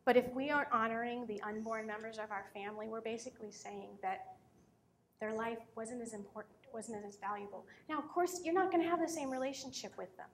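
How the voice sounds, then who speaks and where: A woman's voice: a little high, brisk, a little hiss or hum. A woman in her thirties giving an earnest talk on parenting, telling personal stories and turning emotional. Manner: earnest, storytelling, turns emotional. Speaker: speaker on parenting.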